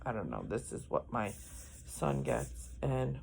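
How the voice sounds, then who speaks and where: A woman's voice: extremely low pitch, very animated, measured pace, gravelly, darkish tone, a little hiss or hum. A middle-aged woman, chatting casually in a vlog, rambling and correcting herself as she goes, yawning often. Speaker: vlogger.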